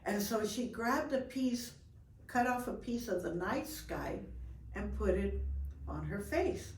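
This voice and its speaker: An older woman telling a folk story in a lively, expressive way, with gasps for effect. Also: mid-range voice, takes it slowly, a little hiss or hum. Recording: roomy, from far off.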